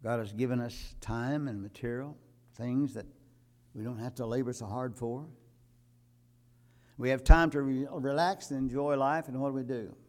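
A man's voice: mid-range voice, moderate pace. Older male preacher with emphatic swells. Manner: rises to loud emphatic peaks, quotes scripture. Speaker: pastor. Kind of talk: sermon.

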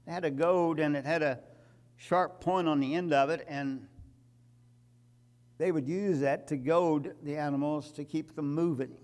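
A man preaching a sermon, emphatic, building to loud repeated climaxes. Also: a little high, fairly even intonation, unhurried.

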